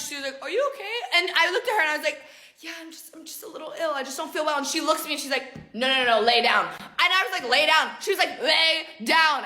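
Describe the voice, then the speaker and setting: A young woman tells a story straight to her viewers in a casual vlog. Her voice sits high and bright, and she races through the telling. She throws herself into it with dramatic flair, playing each person in the story. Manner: animated, dramatic retelling, acts out other people's lines. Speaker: vlogger.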